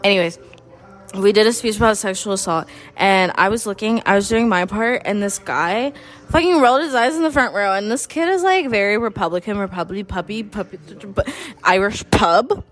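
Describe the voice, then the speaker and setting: A woman's voice: mid-range voice, expressive, moderate pace. Tipsy young woman, mock-anchor banter, rambling and profane. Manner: rambling, profane, losing the thread. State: tipsy from drinking. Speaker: student friend.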